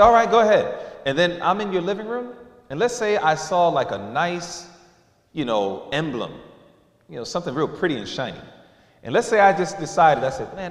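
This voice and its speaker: A male preacher giving a sermon, telling stories and acting out the voices of the people in them. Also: sits high. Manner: lively storytelling with acted-out voices. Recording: echoey hall.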